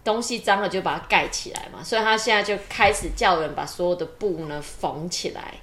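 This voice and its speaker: A woman chattily explaining a children's story in short phrases, pausing on fillers. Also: fairly low pitch, a bit bright, echoey room.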